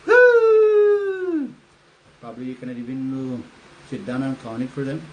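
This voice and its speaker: An older man from the Northern Mariana Islands hosting a political livestream, talking in a rambling, halting way with lots of fillers. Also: mid-range voice, little pitch movement, muffled recording, a little hiss or hum. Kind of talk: casual livestream talk. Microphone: phone or webcam livestream.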